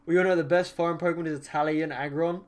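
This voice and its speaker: A man's voice: a little high, fairly even intonation, fast talker. A man streaming a game live, chatting casually with viewers in silly, jokey banter and laughing often. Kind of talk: casual live-stream chat while gaming.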